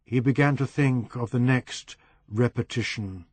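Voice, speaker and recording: Male narrator, audiobook reading, measured, middle pitch, dry close studio sound. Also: darkish tone, breathy edge, dry recording. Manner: measured, slowing on descriptive phrases. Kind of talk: scripted narration of a novel.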